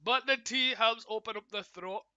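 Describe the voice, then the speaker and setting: A man hosting a live football watchalong, giving chatty play-by-play commentary in a slightly croaky voice from a cold, often greeting viewers and correcting himself. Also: sits high, moderate pace, pushed and bright, dry recording, dull audio.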